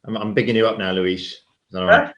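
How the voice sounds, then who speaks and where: A man's voice: lowish voice, big pitch swings, quick pace, fairly bright tone, echoey room. A man hosting a church livestream, friendly and joking, often restarting his sentences. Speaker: church service host.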